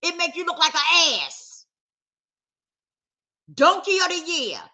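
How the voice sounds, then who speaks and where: A woman's voice: extremely high pitch, very animated, slow, pushed and bright. A woman vlogger talking straight to camera in a casual, emphatic rant, circling back to the same points with heat. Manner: emphatic, repetitive, heated.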